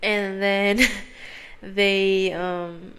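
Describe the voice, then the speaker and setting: A woman's voice: medium pitch, extremely slow, background noise. A young woman hosting a podcast, casually retelling a film's plot in a rambling way, full of "like" and swearing and acting out the characters. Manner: rambling, heavy on "like", frequent swearing; animated storyteller who acts out characters' lines. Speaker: podcast host.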